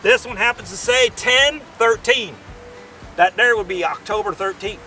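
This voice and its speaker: Man, high-pitched, folksy joking vlog host, outdoors, heard from a distance. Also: moderate pace, pushed and bright, soft background music. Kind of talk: casual outdoor demo vlog. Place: outdoors by a vehicle.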